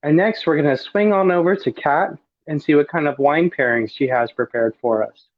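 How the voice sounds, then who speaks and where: Male host, campy cooking demo, higher voice, dry dull call audio. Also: normal speed, no echo. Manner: campy, chatty, savoring each bite aloud. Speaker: drag performer cooking on a livestream. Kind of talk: casual cooking demonstration.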